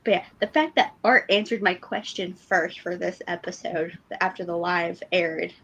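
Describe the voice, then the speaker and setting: A woman co-hosting a podcast in casual chat, telling fan stories in an excitable, giggly way. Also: lowish voice, moderate pace, a little hiss or hum. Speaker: podcast co-host.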